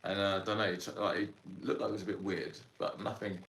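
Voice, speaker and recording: A man in his thirties tells a story as a podcast guest, animated and slangy with lots of fillers. His voice sits on the low side. The room around him has a noticeable echo. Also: fast talker. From Sudan, raised in Ireland. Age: 30s. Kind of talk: casual storytelling interview.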